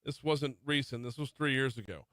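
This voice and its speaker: Speaking a little fast in an even, mid-range voice, a middle-aged radio morning show host runs through the top stories from his studio. He keeps drifting into conversational asides, and the studio mic gives a dry, close sound with no echo.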